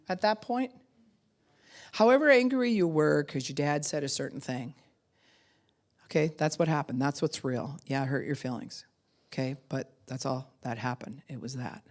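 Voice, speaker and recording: A middle-aged woman pastor preaches a sermon in a low-sitting voice, conversational and animated. She acts out quotes and laughs often.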